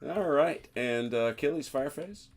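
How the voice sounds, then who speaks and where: A man running a tabletop wargame as game master, relaxed and guiding players through the rules. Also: on the high side, normal speed.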